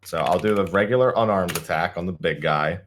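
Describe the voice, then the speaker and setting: A man's voice: low-pitched, a little fast, a little hiss or hum. A man playing a tabletop game, grumbling in exasperation about his dice. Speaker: player. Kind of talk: casual tabletop game chat.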